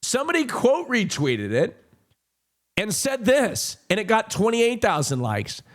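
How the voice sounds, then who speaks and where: A man's voice: sits high, wildly swooping pitch, measured pace. A young man chatting casually on a livestream at home, rambling and self-mocking with lots of fillers. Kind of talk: casual chat. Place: home streaming room.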